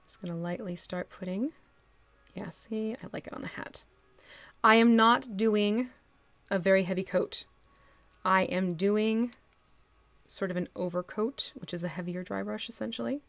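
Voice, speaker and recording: Gravelly and somewhat dark in tone, this woman's fairly low voice keeps a moderate pace. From northwestern New Jersey and carrying a local accent, she's demonstrating miniature painting on a live stream, chatting, laughing easily, and thinking aloud throughout.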